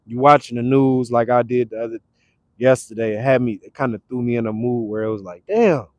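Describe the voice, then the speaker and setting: A man from Detroit talking casually on a livestream, animated and repetitive, breaking into loud acted retorts. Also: mid-range voice, a little fast, no echo. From Detroit, Michigan. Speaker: livestream host. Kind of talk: casual motivational livestream talk. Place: now staying in Arizona.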